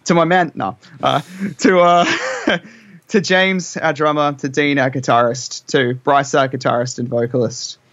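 Australian guy, mid pitch, rambly with fillers, muffled call audio. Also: fairly even intonation, unhurried, fairly bright tone, no echo. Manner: rambling, lots of ums and restarts. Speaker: band vocalist and lyricist. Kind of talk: casual interview chat.

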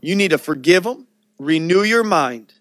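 A man's voice: a little high, lively intonation, moderate pace, fairly bright tone, slight background noise. Affirming, direct man pastor. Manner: affirming, direct, plain-spoken. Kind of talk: co-hosting a sermon talk.

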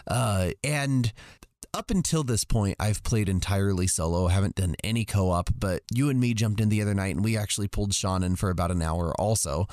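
A man co-hosting a casual podcast, his voice deeper and growly from allergies, with dry joking asides. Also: a little fast, a little mellow, no room sound. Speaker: podcast co-host. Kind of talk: casual chat.

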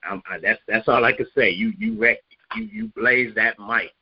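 A man's voice: fairly low pitch, steady tone, moderate pace, husky. A male co-host of an online radio show, talking in an earnest, emotional way. He often stammers and repeats himself. His voice has a dull, lo-fi sound. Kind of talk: casual chat.

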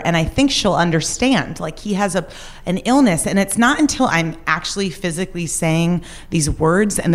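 A young woman telling a personal true story on stage, candid and wry. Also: low voice. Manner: candid, shifts between wry and raw.

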